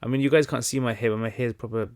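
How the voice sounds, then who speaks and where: A young man hosting a casual livestream Q&A, talking in a relaxed, conversational way with many fillers and restarts. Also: mid-range voice, rapid-fire. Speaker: livestream host answering questions.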